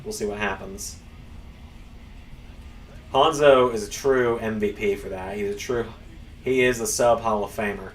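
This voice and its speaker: Sounding distant from the microphone, a fairly low-pitched streamer talks at a measured pace with long pauses, casually rambling as he plays on his channel. The room is echoey, with a faint hum underneath.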